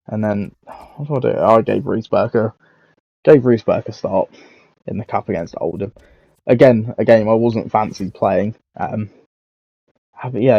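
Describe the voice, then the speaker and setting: A man's voice: on the low side, dark tone, no echo, lo-fi sound. A young man giving casual, rambling, self-mocking commentary on a football career game, swearing freely. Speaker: gaming YouTuber.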